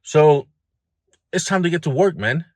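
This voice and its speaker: A man's voice: fairly high pitch, unhurried, a little mellow, dry recording. A man hosting a self-improvement video, talking bluntly and candidly about his own struggles and speaking straight to the viewer. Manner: blunt, plain-spoken, addresses the viewer directly. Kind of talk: candid motivational monologue.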